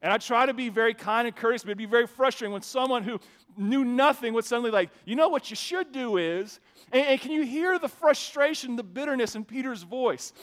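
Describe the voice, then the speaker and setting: High-voiced man preaching conversationally. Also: quick pace, a bit bright. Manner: conversational preaching, builds to emphatic bursts. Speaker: pastor. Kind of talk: sermon. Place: church sanctuary with a sound system. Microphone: microphone.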